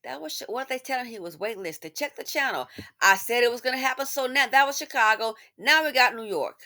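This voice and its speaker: A woman's voice: a little high, a little fast. Sarcastic woman hosting a commentary video. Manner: sarcastic, animated, swinging between loud asides and muttered remarks. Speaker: commentary channel host.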